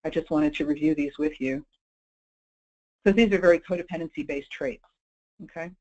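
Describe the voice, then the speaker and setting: In a clinical webinar, a woman with a low, darkish voice speaks at a normal pace and in a conversational style, regularly checking in with listeners using "okay?" and "you know." The audio is dull.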